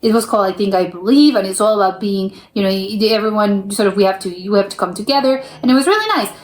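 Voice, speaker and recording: A woman's voice: mid-range voice, quick pace. A young American woman hosting a reaction video, thinking aloud in casual chat with many restarts. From United States. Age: young adult. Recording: roomy echo.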